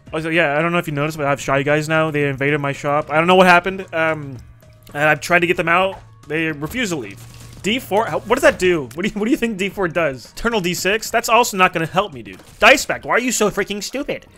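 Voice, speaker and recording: Gaming creator, man, high bright voice, cursing and laughing through his run, faint game music underneath. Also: lively intonation, fast talker. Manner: swears freely, laughs often, talks to viewers. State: recently woken up. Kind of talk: casual gameplay commentary.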